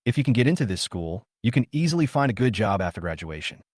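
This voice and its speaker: Lively low-voiced male narrator. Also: fast, no echo, clean studio sound. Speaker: recap narrator. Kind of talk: scripted story narration.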